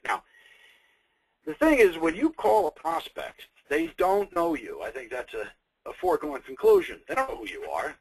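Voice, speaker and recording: A man's voice: mid-range voice, slightly rough, no echo, rough recording. A man giving a sales training webinar, emphatic and conversational, repeating his key points with off-the-cuff humor. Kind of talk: webinar presentation.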